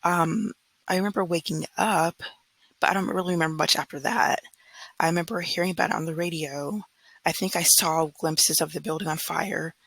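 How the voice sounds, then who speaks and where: A woman's voice: deep voice, steady tone, moderate pace, gravelly, a bit bright, breathy edge, no echo, poor audio. A woman in her thirties from California, talking earnestly and frankly in a casual vlog monologue, often mimicking others in mocking quotes. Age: 30s. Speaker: vlogger.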